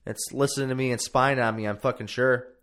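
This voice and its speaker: A man's voice: medium pitch, fairly even intonation, a little fast, a bit bright. A man hosting a casual solo podcast from his home podcast room, rambling and swearing freely and poking fun at himself. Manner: rambling, profane, self-mocking. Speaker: podcast host.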